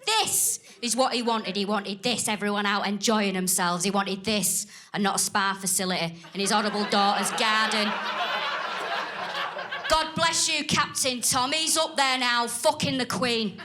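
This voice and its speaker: A medium-pitched woman delivers acerbic, crude stand-up at a measured pace, mixing deadpan asides with animated impressions of others. She works a stage microphone in a theatre, and the live recording is noisy with the crowd's loud laughter.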